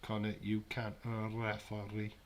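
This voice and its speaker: A man's voice: fairly low pitch, completely flat delivery, unhurried, slight background noise. A man hosting a live wrestling watch-along, chatting casually with sarcastic, rambling asides.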